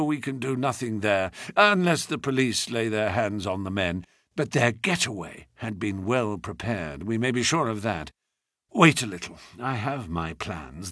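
Guy doing hurt detective, hoarse weak mutter, raspy, dry close sound. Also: no room sound, full character voice. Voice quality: hoarse weak whisper-like murmur. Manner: low, quiet, muttered. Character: injured male detective, weak, hushed, scheming. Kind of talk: audiobook character reading.

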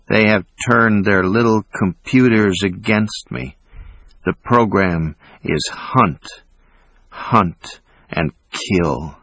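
A man playing a wounded, unhinged man who talks slowly in a calm, distant, menacing way. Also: lowish voice, dry recording, full character voice.

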